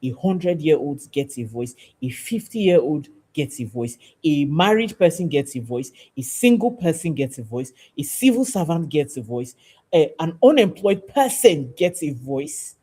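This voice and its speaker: A woman's voice: low-pitched, very animated, normal speed, dark tone, slightly rough. A woman, hosting a show and giving an emphatic, preachy talk that repeats phrases for stress. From Nigeria. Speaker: podcast host. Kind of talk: passionate civic talk to camera.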